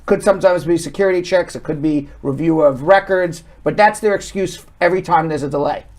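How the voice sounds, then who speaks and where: A man's voice: fairly high pitch, a little fast, darkish tone. A man with a New York accent, an immigration lawyer hosting a live stream, greeting viewers by name and answering their questions. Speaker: immigration lawyer and show host. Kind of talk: live-stream chat, reading comments.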